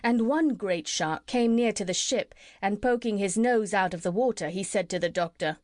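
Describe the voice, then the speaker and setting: A woman's voice: medium pitch, normal speed, few pauses, no room sound. Woman narrating a classic children's story. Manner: steady storytelling. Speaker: audiobook narrator. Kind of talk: scripted narration.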